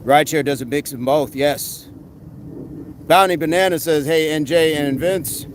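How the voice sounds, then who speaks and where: A man hosting a casual live stream, reading comments aloud and giving quick fitness tips in a relaxed way. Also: a little high, slight background noise, rough recording. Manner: relaxed, answers chat questions with quick tips.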